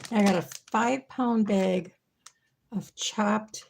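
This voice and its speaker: A woman's voice: mid-range voice, slow pace, creaky, a little hiss or hum. A woman hosting a casual livestream, chatting and thinking aloud as she works, her voice getting tired. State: losing her voice. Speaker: livestream host. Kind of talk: casual kitchen livestream chat.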